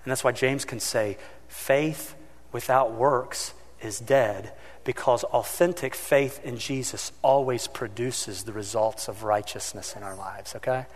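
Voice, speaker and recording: Preaching as a pastor, this man speaks in a mid-range voice, slightly slowly, with a long reverb tail trailing each phrase. His storytelling is animated, and he performs the characters' voices, even reenacting his own shouts.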